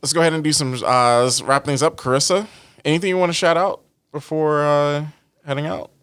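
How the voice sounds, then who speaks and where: A man's voice: fairly high pitch, fairly even intonation, fairly quick, a bit bright, clean tone, no echo, studio quality. A man hosting a casual podcast, talking emphatically. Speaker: podcast host.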